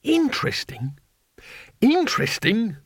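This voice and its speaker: A man's voice: high-pitched, huge pitch swings, slow pace, husky, no room sound, pitched above the performer's own voice, full character voice. A man voicing a cowardly male wizard who talks in a dry, sarcastic, exasperated way.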